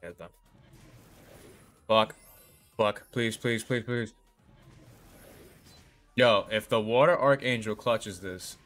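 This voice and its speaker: A man's voice: lowish voice, takes it slowly, long pauses, a bit bright, soft background music. A young man live-streaming a game, chatting casually with viewers, swearing often, rambling and laughing.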